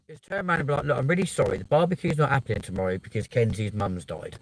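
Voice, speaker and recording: Guy venting to camera, sweary, pitch all over the place. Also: fast, few pauses, slight background noise, rough recording. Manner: swears a lot, animated and blunt. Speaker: vlogger. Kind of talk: casual ranting monologue.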